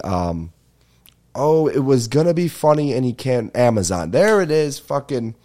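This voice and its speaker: A man's voice: mid-range voice, lively intonation, normal speed, warm tone. A young man hosting a comedy podcast, telling meandering, profane stories full of asides and fillers. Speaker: podcast host. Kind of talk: rambling comedic storytelling.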